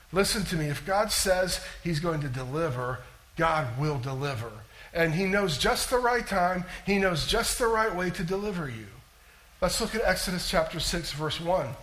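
A male pastor preaches in a notably high voice. His delivery is animated and conversational, and he keeps putting questions to his listeners. It sounds like a sermon to a congregation. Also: low-quality recording.

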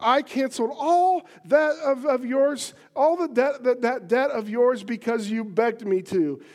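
A man's voice: very high voice, unhurried, big-room sound, pitched above the performer's own voice. A male preacher voicing a stern, angry master reproaching his servant in a parable reading. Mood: rebuking.

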